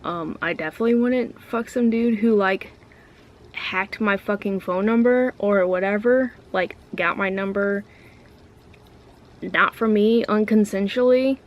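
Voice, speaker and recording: A woman's voice: mid-range voice, a little slow. A woman vlogger talking to camera in a casual, ranty way, blunt and full of swearing. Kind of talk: casual ranting vlog.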